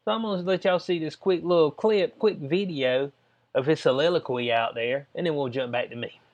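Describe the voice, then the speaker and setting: A man hosting his own channel, talking straight to viewers in a slangy, animated, mocking commentary style. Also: on the high side, normal speed, dull audio, slight background noise. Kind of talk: casual reaction commentary.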